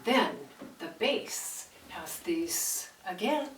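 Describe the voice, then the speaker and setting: A woman's voice: on the low side, lively intonation, drawn-out words. A woman teaching piano, explaining the music and singing out rhythms. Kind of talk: piano lesson. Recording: roomy echo, distant mic, piano between phrases.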